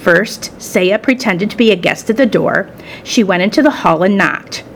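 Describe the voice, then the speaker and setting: A woman reading a children's story aloud in the first person, with expressive storytelling. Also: mid-range voice, normal speed, gravelly, a little hiss or hum. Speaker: storybook reader.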